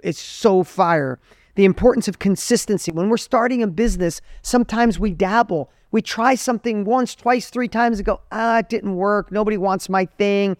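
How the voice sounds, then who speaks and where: A man's voice: sits high, a little mellow, dry recording. Earnest middle-aged man, dry close sound. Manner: earnest, storytelling, emphatic. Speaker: podcast host. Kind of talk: motivational monologue.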